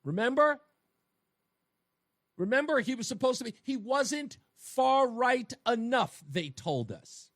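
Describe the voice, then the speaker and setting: A man's voice: extremely high pitch, measured pace, pauses often, a bit bright, dry recording, clean studio sound. A man hosting a talk radio show, delivering an emphatic monologue and speaking straight to his listeners with rhetorical questions. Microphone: studio microphone.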